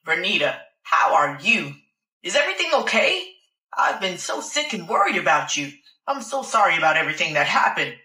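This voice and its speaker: A woman voicing an earnest, worried male neighbor who speaks softly and apologetically. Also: lowish voice, sing-song, moderate pace, echoey room, recorded from a distance.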